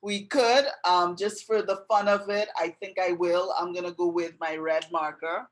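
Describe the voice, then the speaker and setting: A woman giving a casual drawing tutorial, gently narrating each step as she draws. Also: lowish voice, steady tone, moderate pace, low-quality recording. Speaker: art tutor. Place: indoors with passing road traffic.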